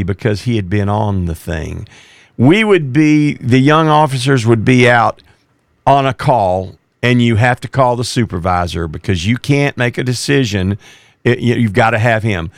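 A man's voice: medium pitch, big pitch swings, a little slow, vocal fry, no echo. A man who used to be a police officer, preaching emphatically as a radio show host. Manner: emphatic, rising to forceful exhortation. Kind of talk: preaching talk.

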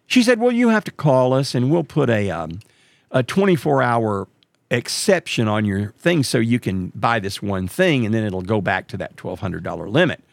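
Gravelly man telling a story. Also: moderate pace, dry recording. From Texas. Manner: animated, jumps way up in pitch when quoting others. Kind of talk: casual storytelling monologue.

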